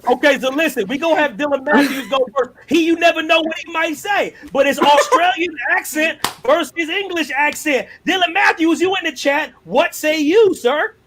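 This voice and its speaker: A man hosting a casual panel chat, animated and slangy, hyping his guests. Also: extremely high pitch, moderate pace, few pauses, a little hiss or hum. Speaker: host.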